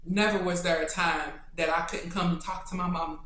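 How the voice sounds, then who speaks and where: A young adult woman vlogger answering questions in a casual, chatty, animated way. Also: fairly low pitch, brisk, heavy background noise. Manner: chatty and animated, turning tender and choked up. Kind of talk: casual Q&A chat to camera. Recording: echoey room.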